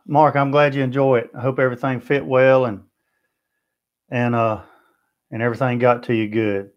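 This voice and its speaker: A man's voice: medium pitch, little pitch movement, moderate pace, muffled recording. A man with a Southern US accent hosting a barbecue livestream, chatting in a friendly way and answering viewer comments one by one. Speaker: BBQ channel host. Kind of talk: livestream chat.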